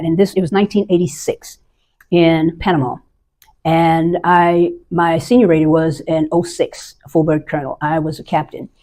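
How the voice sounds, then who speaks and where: An older American woman, an Army veteran, recounts a personal experience in a lowish voice. She speaks earnestly and often stops to restart a sentence. She acts out the voices of the people she quotes. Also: mellow. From United States. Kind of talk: personal testimony storytelling.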